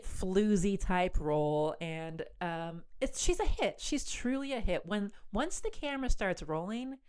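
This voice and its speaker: Woman, casual storyteller, chatty, lots of fillers, smooth voice, dry close sound. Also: on the low side, darkish tone, no echo. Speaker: host.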